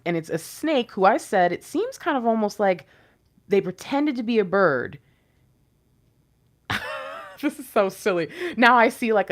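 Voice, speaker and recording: Woman reading tarot cards for an online audience, lively and playful, sometimes whispering. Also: medium pitch. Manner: animated, playful, drops into whispers. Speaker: tarot reader.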